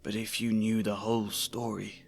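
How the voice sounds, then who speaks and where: A man reading aloud and voicing a gaunt escaped prisoner who speaks in a hushed, hissing way. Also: on the low side, little pitch movement, moderate pace, vocal fry, soft background music. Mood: menacing.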